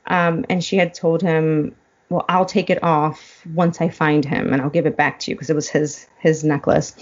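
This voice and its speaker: A woman's voice: deep voice, level tone, normal speed, highs cut off. A woman guest in a casual chat, retelling a film plot and getting choked up as she goes. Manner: emotional, choked up while retelling. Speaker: podcast guest.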